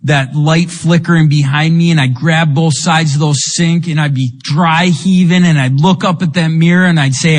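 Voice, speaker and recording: A man's voice: a little high, moderate pace, hardly any pauses. A man giving a raw, emotional recovery testimony, telling his story with lots of "like" and "you know.". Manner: emotional, with bursts of rueful laughter. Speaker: speaker sharing a recovery testimony. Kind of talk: personal testimony talk. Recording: long hall reverb.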